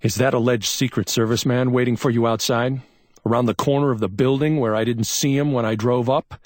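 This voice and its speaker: Here a man voices a male investigator in a crime audiobook, steadily asking patient but insistent probing questions. His mid-range voice is pitched a little above his natural one yet stays close to an everyday voice, with a steady tone at a fairly quick pace, in a dry, clean studio recording.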